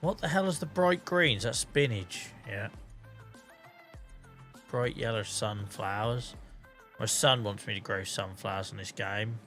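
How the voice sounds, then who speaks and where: A man's voice: lowish voice, unhurried, pauses often, a bit bright, soft background music. A tired man with a headache, casually chatting to his live-stream viewers while playing, thinking aloud and swearing now and then. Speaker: game streamer.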